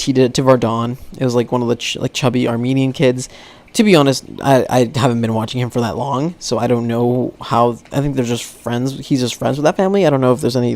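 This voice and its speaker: A man's voice: mid-range voice, vocal fry, darkish tone. A young man hosting a solo podcast, rambling and swearing casually, often laughing at his own stories. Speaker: podcast host. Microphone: podcast microphone.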